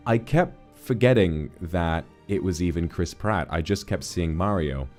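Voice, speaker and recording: A deep-voiced man talking through a film review on a livestream. He rambles with animated swings of energy, stopping to correct himself and restart his sentences. Soft music plays faintly underneath. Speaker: streamer host.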